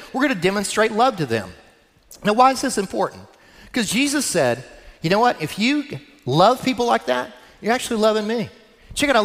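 A middle-aged male pastor delivers an animated sermon in a bright, high-pitched voice that leaps up and down. He speaks directly to his listeners and tells stories. The sound carries the long reverb of a large church hall. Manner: animated storytelling preacher, addresses listeners directly.

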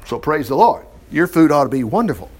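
A man's voice: fairly high pitch, very animated, a little fast, a little mellow, breathy edge. A man preaching a folksy sermon, reading scripture aloud and acting out little dialogues with jokes and laughs. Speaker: pastor.

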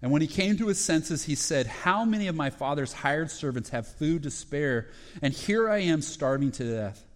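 A man preaching a sermon, retelling parables in short phrases with fillers and restarts and growing excited at the high points. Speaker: pastor.

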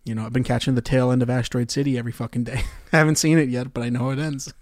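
A man's voice: medium pitch, steady tone, very fast, dry recording. Young guy ranting on his podcast, swears a lot, sarcastic, dry mic no room sound. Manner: profane, ranting, sarcastic, swings loud then mutters. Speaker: podcast host. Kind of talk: solo podcast rant.

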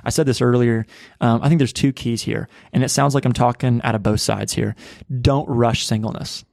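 A man's voice: mid-range voice, steady tone, normal speed, gravelly, darkish tone, no room sound. Earnest male pastor, dry close sound. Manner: earnest, conversational, frequent fillers. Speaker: pastor and podcast co-host. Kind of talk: casual podcast discussion.

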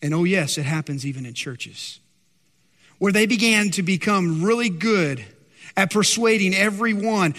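High-voiced preacher in a reverberant hall. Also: male voice, moderate pace, sharp tone. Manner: impassioned, acts out anxious disciples in higher voice. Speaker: pastor. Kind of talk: sermon. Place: church sanctuary.

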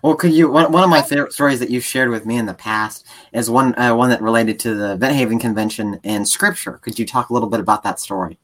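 A man's voice: medium pitch, quick pace, hardly any pauses, a bit bright. A man interviewing a guest, mostly giving short encouraging prompts and asking for a story. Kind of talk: casual interview.

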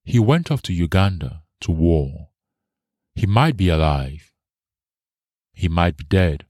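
A man's voice: sits low, lively intonation, slow pace, a little mellow, no echo, clean studio sound, full character voice. A man reading the lines of a poor, grieving young mother who talks with toneless simplicity. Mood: pleading tearful. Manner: toneless, simple speech rising to anguish.

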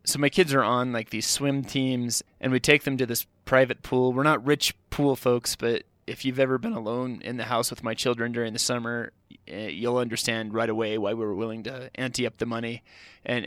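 A man's voice: medium pitch, steady tone, fairly quick, a bit bright, dry recording. Middle-aged guy rambling thru funny stories about himself, dry close sound, lots of "like". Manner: rambling and self-deprecating, heavy use of "like". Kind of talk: comedic personal storytelling.

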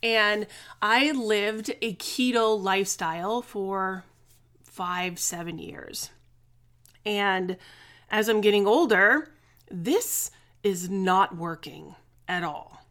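A woman's voice: mid-range voice, takes it slowly, fairly bright tone. Candid, chatty woman in her forties. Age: 40s. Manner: candid, chatty, swears freely; frustrated, venting. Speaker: podcast host. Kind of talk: casual solo podcast chat.

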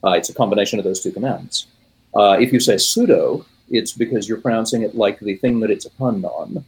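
A man's voice: on the low side, fairly even intonation, fairly quick, darkish tone, husky, rough recording. A man in his late forties from the United States, talking shop casually about computing, rambling with many fillers and self-corrections. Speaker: podcast guest. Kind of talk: casual technical chat.

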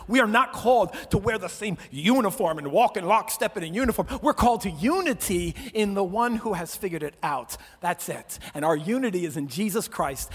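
A man with a high voice preaches to a church crowd, animated and swinging between loud, punchy lines and soft, low words. His voice carries a long reverb from the large hall he is in. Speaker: pastor. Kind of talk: sermon. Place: church auditorium.

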